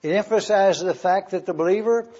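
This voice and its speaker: Man, pastor, Bible Greek teaching, high voice, husky, deliberate, spells words out. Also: dark tone. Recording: dull lo-fi recording.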